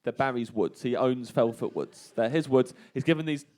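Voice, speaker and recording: A man's voice: medium pitch, normal speed, a little mellow. A man comedian telling a rambling festival anecdote in casual chat, laughing often between lines. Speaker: comedian guest telling a story. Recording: radio studio banter.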